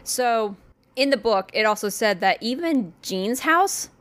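A woman's voice: fairly high pitch, animated, unhurried, a bit bright. A woman co-hosting a chatty podcast, retelling a haunting with casual swearing. She rambles into asides, then comes back to the story. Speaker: podcast host telling a true haunting story.

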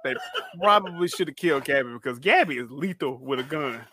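A man's voice: on the high side, animated, brisk, a crowd in the background. A man co-hosting a casual podcast, talking in a wry, blunt way. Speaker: podcast co-host. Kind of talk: casual chat.

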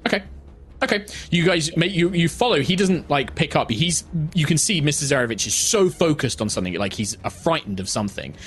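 A man's voice: a little high, animated, brisk, breathy edge. A man narrating as game master in a tabletop game, rambling with many fillers.

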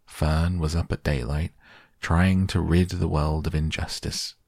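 A man's voice: extremely low pitch, fairly even intonation, a little slow, gravelly, darkish tone, no echo, full character voice. A man voicing a teasing, dry-humored farmer father in a bedtime storybook reading. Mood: wry.

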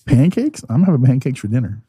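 A man's voice: mid-range voice, sing-song, a little fast, breathy edge, no echo. A man co-hosting a podcast in casual, playful chat. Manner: laughing, playful. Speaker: podcast co-host. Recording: loud background noise.

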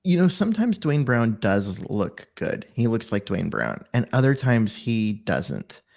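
A man's voice: lowish voice, big pitch swings, measured pace, creaky, a little mellow. A man co-hosting a sports podcast, talking football in a loose, rambling way. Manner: rambling, many fillers and restarts. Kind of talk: casual sports chat.

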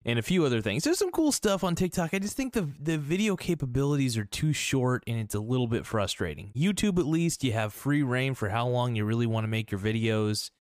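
Male solo podcaster, casual and rambling, smooth resonant voice, dry close mic. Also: medium pitch, lively intonation, brisk, hardly any pauses, no room sound. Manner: rambling, restarts and filler-heavy. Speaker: podcast host.

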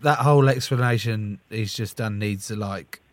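A man's voice: fairly low pitch, normal speed, a little hiss or hum. A man with a laid-back, dry manner, bantering as a podcast guest. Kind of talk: casual banter.

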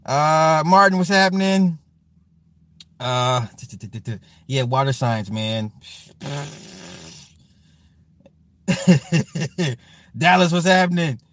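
A man's voice: a little high, animated, extremely slow, long pauses, fairly bright tone. A man chatting casually on a live stream at home, reading out comments in a rambling, profane way with many restarts and apologies.

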